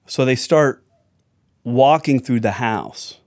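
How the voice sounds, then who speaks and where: A man's voice: mid-range voice, slow pace, darkish tone, dry recording, studio quality. A man telling a family anecdote in a chatty, wry way with side remarks. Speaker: storyteller. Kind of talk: anecdotal storytelling.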